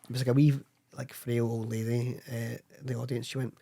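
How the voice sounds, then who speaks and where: A young Scottish man, a podcast guest, telling rambling, excitable anecdotes in casual chat, swearing and acting out what people said. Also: medium pitch, fairly quick, creaky, slightly rough.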